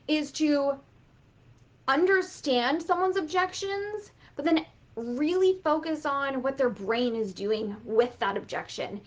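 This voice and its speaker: A woman business coach giving a casual motivational talk, animated and swearing freely as she acts out quotes. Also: high voice.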